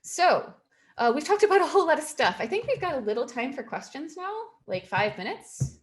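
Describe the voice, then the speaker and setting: A woman with a high, sing-song voice runs a career webinar via video call. Emphatic in delivery, she tends to repeat her warnings with a quick laugh.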